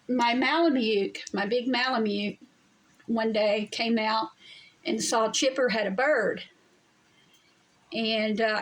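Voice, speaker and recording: Poor audio captures a woman's fairly high voice. She's a vlogger at home during a storm, swearing freely as she tells her viewers a blunt, emphatic story.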